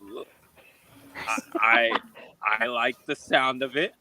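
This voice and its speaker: A man's voice: medium pitch, takes it slowly, pushed and bright, poor audio. A man guest on a video call, delivering a bombastic, repetitive showman promo. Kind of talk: wrestling promo.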